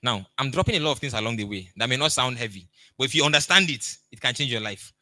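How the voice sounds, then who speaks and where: A man's voice: medium pitch, animated, quick pace, pushed and bright, no room sound. A middle-aged man with a Nigerian accent, giving a motivational coaching talk and acting out the people in his stories. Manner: storytelling, emphatic, acts out dialogue.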